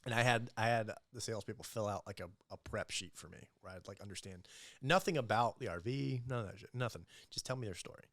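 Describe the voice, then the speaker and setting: A young man telling animated, profane sales stories as a guest in a casual podcast interview, acting out the people he quotes. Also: lowish voice, fast talker, dry recording, clean studio sound. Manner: animated, profane storyteller who acts out quoted voices. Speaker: entrepreneur guest.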